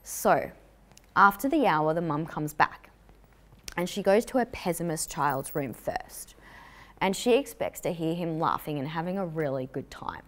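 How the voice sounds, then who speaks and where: Motivational speaker, woman, lower pitch, jokey and encouraging with a live audience. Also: lively intonation, unhurried. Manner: upbeat, coaxing, jokey. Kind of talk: live talk to a young audience.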